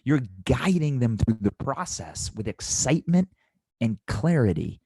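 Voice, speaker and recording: A man's voice: on the low side, a little mellow, no echo. A man teaching restaurant servers in an instructional talk, coaching them through the math step by step and repeating key points for emphasis.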